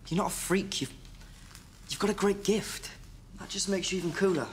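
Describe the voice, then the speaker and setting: A man's voice: high voice, moderate pace, a little hiss or hum, natural voice. A young man playing a brash, boyish rebel fighter. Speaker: resistance fighter in a teen sci-fi series. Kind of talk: live-action TV drama acting. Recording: TV soundtrack with music underneath.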